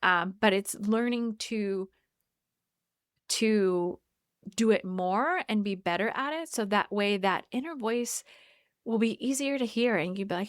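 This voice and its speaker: Woman, podcast host, solo reflection, unhurried, halting and earnest, dry close sound. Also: mid-range voice, dry recording. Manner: earnest, halting, many restarts and "like".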